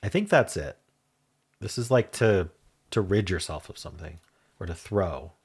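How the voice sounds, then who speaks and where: A man's voice: low-pitched, expressive, moderate pace, a little mellow, breathy edge. A man hosting a puzzle game channel, thinking aloud in a casual, hesitant way as he works through word puzzles. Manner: muses aloud, hesitant and self-correcting.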